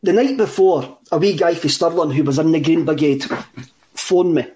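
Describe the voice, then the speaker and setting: Scottish man, fairly high voice, casual storytelling, repeats himself, laughs through it. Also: normal speed, dark tone, slight background noise. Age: 30s. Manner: rambling, repeats words, laughs often. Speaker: podcast co-host.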